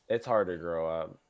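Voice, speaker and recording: A man who is a guest on a casual podcast, laid-back, laughing often and calling the host "dude". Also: low voice.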